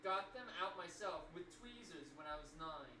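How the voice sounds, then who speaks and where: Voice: mid-range voice, expressive, moderate pace. Jokey streamer on a distant mic. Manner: talkative, jokey, trailing off and restarting. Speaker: livestream host. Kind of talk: casual chat to stream viewers. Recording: distant mic, echoey room, clear noise.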